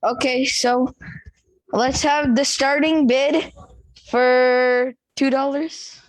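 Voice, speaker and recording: A helper running a small charity auction at a temple, speaking in a halting, hesitant way. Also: sits high, level tone, low-quality recording.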